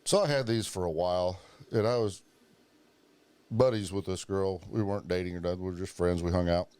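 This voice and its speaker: This man has a somewhat low voice. He hosts a laid-back podcast and tells stories full of swearing, jumping into the voices of the people he quotes as he goes. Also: fairly quick, clear, resonant tone, dry recording. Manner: profane, animated storyteller acting out quoted voices. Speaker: podcast host. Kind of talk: casual storytelling chat.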